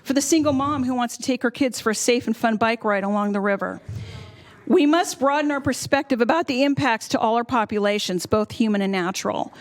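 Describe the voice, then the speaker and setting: A woman's voice: on the high side, fairly quick. A woman firmly reading a prepared public comment at a county board meeting. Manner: firm, reads a prepared statement.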